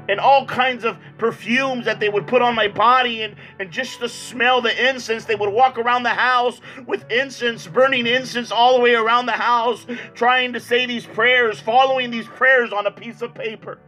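A man evangelist tells his testimony in an earnest, halting way, stumbling over and repeating words. His voice sits high for a man and rings bright and sharp. Soft music plays faintly underneath. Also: low-quality recording. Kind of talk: personal testimony. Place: church.

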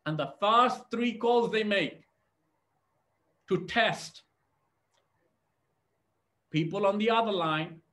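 High-voiced, energetic male sales trainer. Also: takes it slowly, long pauses. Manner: energetic, addresses audience directly. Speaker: network marketing trainer. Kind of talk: motivational training talk.

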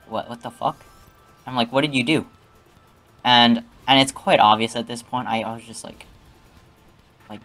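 A man's voice: mid-range voice, a bit bright. A young man telling a rambling, profane story in casual talk, often adding "okay?".

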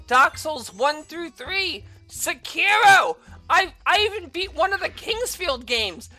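A woman yelling and swearing at a video game as she plays, bursting into furious shouts. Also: medium pitch. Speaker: gaming video creator. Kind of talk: angry gameplay commentary.

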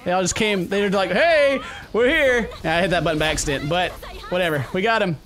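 A young man commentating his gameplay, goofy and excitable, talking back to the characters on screen. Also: high voice, racing, a little hiss or hum. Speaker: gaming video host. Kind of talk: game commentary.

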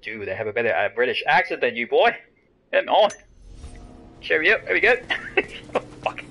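A young man hosting a let's play, joking and breaking into loud exclamations as he plays. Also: medium pitch, sing-song, normal speed, gravelly. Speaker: gaming channel host. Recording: game music playing behind.

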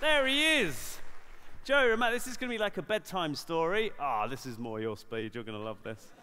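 A man's voice: fairly high pitch, a little fast, bright, forceful tone, some chatter behind, a little hiss or hum. A man doing stand-up comedy, whimsical and playful, swooping between voices as he tells a silly story to a live audience.

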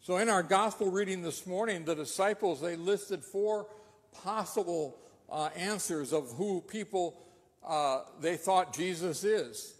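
Pastor guy preaching, kinda high voice, earnest questions, long church echo. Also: a little slow. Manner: earnest storytelling with rhetorical questions. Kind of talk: sermon. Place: church sanctuary. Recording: long reverb of a church hall.

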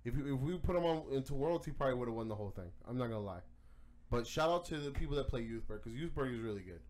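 A man co-hosting a card game podcast launches into a heated, casual rant, swearing a lot and stammering through restarts. His medium-pitched voice is darkish and lively, delivered very fast over slight background noise.

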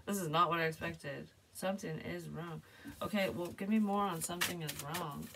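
A woman's voice: lowish voice, moderate pace, vocal fry, a bit bright, distant mic, slight background noise. A woman giving a casual, hesitant psychic tarot reading, rambling and sometimes dropping to a near whisper.

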